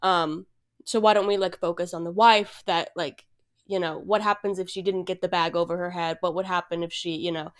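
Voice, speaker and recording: A woman's voice: fairly low pitch, steady tone, brisk. Rambling young woman podcast co-host. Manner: rambling, frequent fillers and self-deprecating asides. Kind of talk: casual chat.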